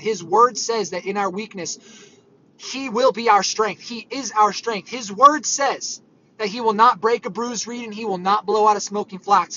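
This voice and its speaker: Bright high-voiced man preaching informally. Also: slight background noise. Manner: earnest, conversational, rambling with fillers. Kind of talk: informal sermon. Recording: dull lo-fi audio.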